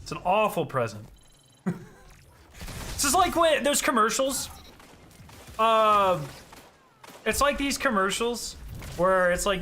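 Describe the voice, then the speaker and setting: A young man chatting casually on a gaming stream, ranting and swearing with animated energy. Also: high voice, slow pace, pauses often, a little hiss or hum.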